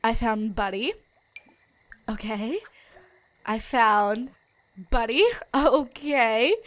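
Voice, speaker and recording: A young woman giving casual, animated commentary on a video game she is playing, with dramatic outbursts. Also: a little high, takes it slowly, long pauses. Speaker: gaming YouTuber. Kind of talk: casual let's-play commentary.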